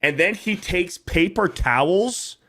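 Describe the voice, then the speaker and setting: Ranting swearing podcast host, a man. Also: takes it slowly. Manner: animated ranting, swears a lot, mimics people in a higher voice. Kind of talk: casual podcast chat.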